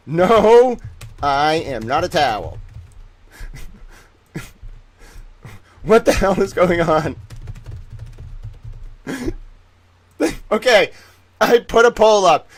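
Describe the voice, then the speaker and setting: Animated, exclamatory male streamer. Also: high-pitched, very slow, long pauses. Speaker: livestream host. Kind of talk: casual livestream chat.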